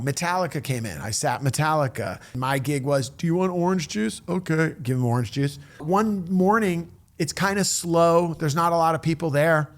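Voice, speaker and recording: A middle-aged man spins a casual personal story, his voice bouncing between quiet asides and sudden lively peaks. He acts out the people he met with quick shifts in tone, keeping an easy conversational pace. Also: fairly high pitch. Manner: animated, acts out quoted voices.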